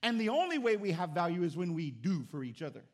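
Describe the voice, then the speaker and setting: A man preaching a sermon as pastor, fervent, moving between quiet and loud. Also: sits high, big pitch swings, quick pace. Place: church.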